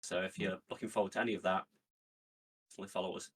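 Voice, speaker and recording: A man's voice: low voice, racing, husky, far from the mic. Male podcast guest, easygoing and full of fillers, heard from away from the mic. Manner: relaxed, filler-heavy. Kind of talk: casual podcast chat.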